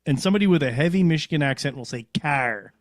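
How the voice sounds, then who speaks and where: A man's voice: on the high side, rapid-fire, crowd noise. A man co-hosting a livestream, chatty and rambling, often correcting himself. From Canada. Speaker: co-host. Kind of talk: casual livestream chat.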